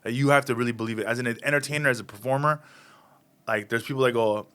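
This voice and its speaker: A man's voice: medium pitch, quick pace, clean tone. A man in his thirties, a stand-up comedian, telling anecdotes in a casual interview and acting out the people in them. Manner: animated, acts out voices in anecdotes.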